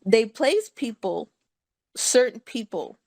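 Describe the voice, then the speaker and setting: A woman's voice: fairly high pitch, sing-song, slow pace, creaky, darkish tone, dry recording. A woman telling a personal story to her listeners, chatty and laughing often and checking in with them. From California.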